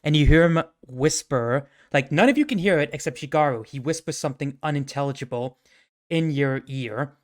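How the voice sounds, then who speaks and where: A man's voice: on the high side, normal speed. Rambling male game master. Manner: rambling, swears when flustered, laughs at own slips. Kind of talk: narrating a tabletop game.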